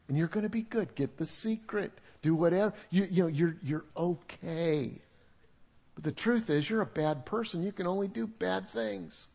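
Older preacher with a high voice. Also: male voice, a little mellow. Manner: conversational, humorous preaching with audience asides. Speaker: pastor. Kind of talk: sermon. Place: church sanctuary with congregation.

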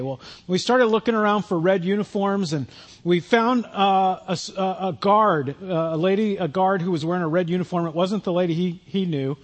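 A man's voice: sits high, a little fast. A man preaching a sermon, telling a self-deprecating personal story in a conversational way. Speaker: pastor.

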